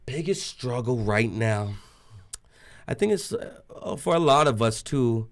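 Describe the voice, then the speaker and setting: A man in a casual interview who tells a story with lots of energy. He laughs often and jumps into the voices of the people in it. His voice sits at an ordinary middle pitch. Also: animated, slow pace. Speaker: interview guest.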